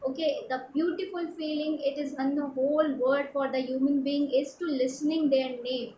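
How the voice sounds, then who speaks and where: A woman from India, a personality development trainer, giving a halting instructional talk with many fillers and repeats. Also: high-pitched, fairly even intonation, dark tone, reverberant, slight background noise, low-quality recording.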